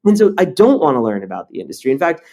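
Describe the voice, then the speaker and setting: Rapid-fire and creaky, this man's slightly high voice belongs to a startup founder and CEO guesting on an interview. He's animated and blunt, swears now and then, and tells stories with plenty of energy.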